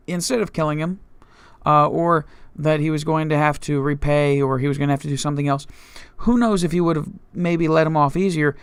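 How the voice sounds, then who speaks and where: A male pastor retelling scripture as a story, full of restarts and filler words. His voice sits a bit high for a man, smooth and resonant with a gravelly fry, recorded close and dry. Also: fairly even intonation, moderate pace, no echo. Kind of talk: Bible study teaching.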